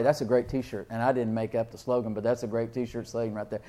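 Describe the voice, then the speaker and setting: A man preaching a sermon, reading scripture slowly and asking his listeners questions, with loud emphatic peaks and frequent laughs. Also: medium pitch, steady tone. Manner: reads King James verses slowly and deliberately; asks the congregation questions and laughs often.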